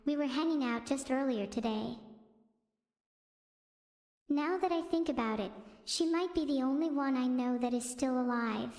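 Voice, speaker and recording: A high-pitched synthetic female voice with flat text-to-speech delivery streams casual, stand-up style chat full of self-absorbed jokes. It sounds reverberant, as if in a large hall.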